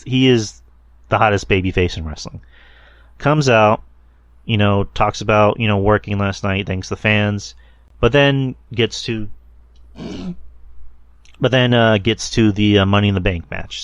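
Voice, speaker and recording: A man's voice: medium pitch, no room sound, dull audio. A man hosting a solo podcast, rambling casually with lots of fillers and the odd swear word. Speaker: podcast host reviewing wrestling.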